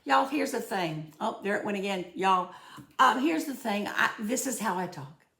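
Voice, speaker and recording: Folksy Southern woman with a gravelly voice. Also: mid-range voice, expressive, moderate pace, fairly bright tone, roomy sound. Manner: folksy, heartfelt, often says y'all. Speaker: host of a home budgeting channel. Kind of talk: casual chat to viewers.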